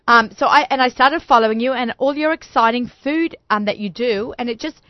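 A woman in her forties hosting a radio talk show, chatty and excitable, often laughing. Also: a little high, fairly quick, no echo, dull audio. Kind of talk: casual chat.

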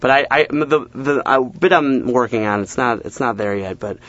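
A young man at a middling pitch, trading jokes in a relaxed interview and breaking into little acted-out voices mid-story. He's self-deprecating and quick, tumbling from one bit to the next. The recording sounds a bit dull and lo-fi. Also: no echo. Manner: quick joke-telling with acted-out asides and self-deprecating laughs. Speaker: comedian guest. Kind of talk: casual interview chat, telling stand-up bits.

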